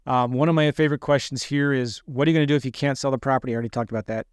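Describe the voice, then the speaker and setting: A man's voice: medium pitch, fairly even intonation, very fast, clear, resonant tone, no room sound, clean studio sound. A man teaching land investors a phone script for sellers, often acting out both his own lines and the seller's replies. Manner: acts out both sides of phone calls. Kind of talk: teaching a sales call script.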